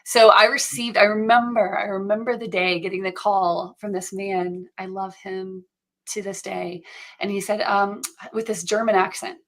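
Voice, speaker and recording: A middle-aged woman, a guest on an interview show, tells her personal story in an earnest, reflective way with halting restarts. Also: medium pitch, flat delivery. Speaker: guest, founder of a mental health program.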